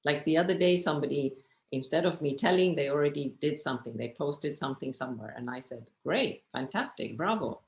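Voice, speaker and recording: A woman's voice: low voice, steady tone, quick pace. Chatty woman teaching, echoey room. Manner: chatty and encouraging, often checking in with listeners. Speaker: meditation teacher. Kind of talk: online workshop talk.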